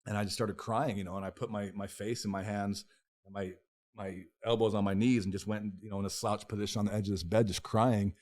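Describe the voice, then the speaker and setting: A man's voice: fairly low pitch, level tone, a little fast, a little mellow. A man who is a podcast guest, telling a candid personal story in a raw, profane, emotional way. He stumbles through restarts and repeated words, and voices his own past inner thoughts as quoted self-talk.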